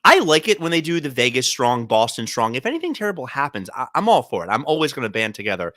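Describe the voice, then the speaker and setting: A man co-hosting a podcast in casual chat, his voice bright and ringing, swinging widely up and down as he tells a story. He jumps into quoted voices along the way. The sound is dry and close. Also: medium pitch, sing-song, fast, dry recording. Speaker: podcast co-host. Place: podcast studio.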